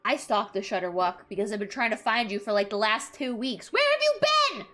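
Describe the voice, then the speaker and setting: A woman streaming a card game, reacting excitedly, swearing and talking to her chat. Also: mid-range voice, brisk. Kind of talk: live gameplay commentary.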